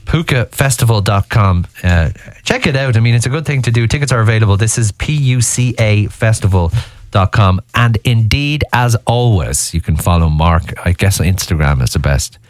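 A man's voice: lowish voice, expressive, moderate pace, dry recording. Chatty Irish radio host, man. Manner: chatty, jokey, stumbles over words. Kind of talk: casual radio interview. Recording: dry studio, faint music behind.

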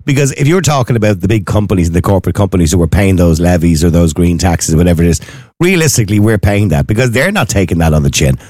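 A man's voice: low voice, animated, quick pace, a little mellow, no room sound, studio quality. An Irish man hosting a radio show, asking questions in a casual chat. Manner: questioning, conversational. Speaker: radio host.

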